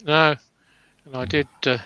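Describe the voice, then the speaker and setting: Bright-voiced man hosting a stream. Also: on the high side, fairly even intonation, a little slow, smooth, no echo, dull audio. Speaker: livestream host. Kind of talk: casual woodturning livestream chat.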